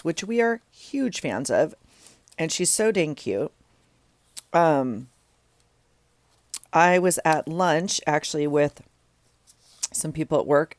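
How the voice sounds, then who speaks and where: A middle-aged woman with a low, slightly mellow voice chats casually while working in her journal, rambling and making self-deprecating asides. The recording has no echo, fitting her casual crafting vlog.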